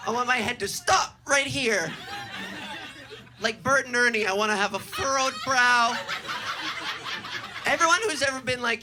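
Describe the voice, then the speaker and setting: A young trans woman doing improvised stand-up comedy, brash, profane and self-mocking, jumping into loud silly voices. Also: fairly high pitch, a little slow, long pauses, noisy background. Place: stage before a live audience.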